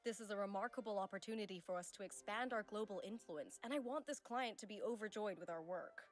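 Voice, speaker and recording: An actress playing a driven, demanding female corporate executive in a video game, crisp and businesslike. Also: medium pitch, fast talker, faint music behind, natural voice. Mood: firm.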